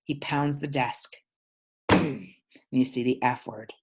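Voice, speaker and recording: A woman teacher reading a novel aloud to her class, pausing to explain words. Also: extremely low pitch, noisy background.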